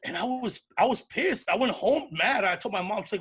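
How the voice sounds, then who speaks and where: A male comedian guest telling animated stories in a casual interview and acting out the voices of people in his anecdotes. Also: high-pitched, fairly quick, slightly rough.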